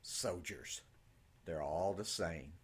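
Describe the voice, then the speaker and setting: A man voicing a brisk young schoolteacher. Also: low voice. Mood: firm. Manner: firm, scolding older-sister tone.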